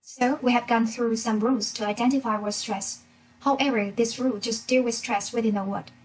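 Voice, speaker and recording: A woman's voice: a little high, steady tone, a little fast, slightly rough, poor audio. A young woman from Vietnam, a student, presenting a class talk in an engaging way and asking the listener questions. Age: young adult.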